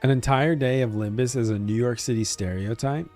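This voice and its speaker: A man's voice: medium pitch, brisk, darkish tone, soft background music. A man streaming a video game, chatting casually and answering his viewers, often restarting his sentences. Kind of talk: casual live-stream chat.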